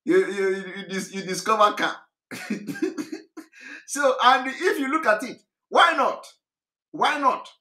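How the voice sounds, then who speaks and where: A political activist broadcaster from southeastern Nigeria, speaking with a Nigerian accent, delivers an impassioned monologue on politics, mocking and fiery and laughing between his points. His male voice sits high and is animated, pushed and bright; he talks a little slowly and pauses often. The recording has a roomy echo.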